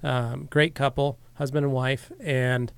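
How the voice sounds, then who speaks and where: A man's voice: medium pitch, flat delivery, a little slow, vocal fry, smooth, no room sound. A man co-hosting a podcast, telling an easygoing story in casual chat with lots of fillers. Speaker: podcast co-host.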